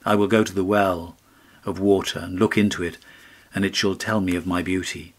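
A man's voice: low voice, flat delivery, normal speed. An actor reading an audiobook, voicing a proud, cruel young boy who speaks in a haughty, scornful way. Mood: remorseful.

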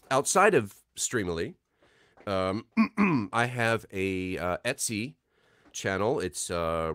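A man with a somewhat low, smooth and resonant voice hosts a relaxed livestream. He talks loosely and chattily, with many ums and uhs, reading out viewer names and comments. The sound is dry and close. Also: no echo. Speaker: voice actor hosting a livestream signing. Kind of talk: casual livestream chat.

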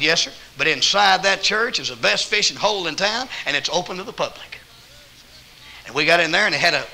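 A man with a Southern accent preaching a sermon as an evangelist, telling folksy stories and quoting people, with bursts of loud emphasis. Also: on the high side, a little hiss or hum, low-quality recording. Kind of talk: sermon with storytelling. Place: church auditorium.

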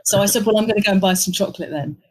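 A middle-aged woman, telling an animated work anecdote in an interview and acting out the lines of the people in it. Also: medium pitch, very fast, rough recording. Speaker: interview guest, agency executive. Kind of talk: conversational storytelling.

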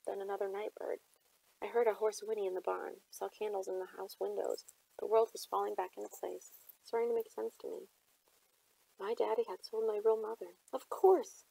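A woman reads a novel aloud in measured first-person storytelling. Her voice is husky and dark, with a touch of vocal fry. The recording is dry and close. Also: medium pitch, no echo, rough recording. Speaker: audiobook reader.

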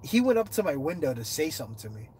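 A congested man on a casual livestream, reading viewer comments aloud, answering them and telling a story with growing excitement. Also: quick pace, a little hiss or hum. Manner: animated storytelling, rising in pitch when excited. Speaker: livestreaming explorer.

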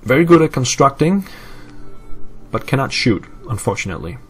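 A man's voice: medium pitch, very animated, moderate pace, a bit bright, slightly rough, faint music behind. A man from Europe casually commenting on his gameplay, thinking aloud with fillers and answering live chat. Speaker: let's play host.

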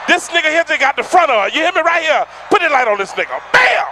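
A man doing a loud, animated stand-up routine on a comedy stage, acting out the voices in his stories. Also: extremely high pitch, fast, noisy background. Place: comedy stage before a live audience.

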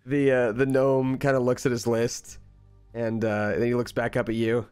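A man's voice: medium pitch, moderate pace, clear, resonant tone, faint music behind. A man running a tabletop game as game master, describing scenes loosely with fillers. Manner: relaxed, with filler words and laughs.

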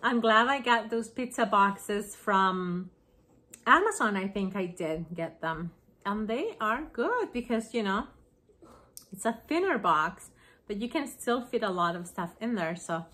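A woman chatting excitedly on her home craft vlog, gushing over gifts she received. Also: mid-range voice. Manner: gushing, excited, slow-paced. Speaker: craft vlogger. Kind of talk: casual vlog chat.

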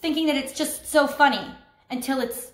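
A woman with a high voice talks through a tarot reading in a loose, chatty way. She is animated and laughs often. The sound has a roomy echo. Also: normal speed. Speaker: tarot reader. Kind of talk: casual spoken tarot reading.

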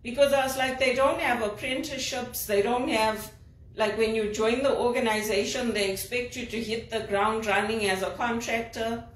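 Woman from Zimbabwe, executive assistant, venting emphatically; slightly high voice, picked up from across a room. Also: fairly even intonation, normal speed. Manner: indignant, emphatic complaining. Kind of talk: personal vlog monologue. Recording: roomy, distant from the mic.

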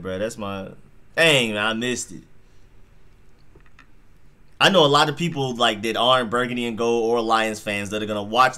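A man with a mid-range voice hosts a live football reaction stream, speaking directly to his chat in an excitable, slangy manner.

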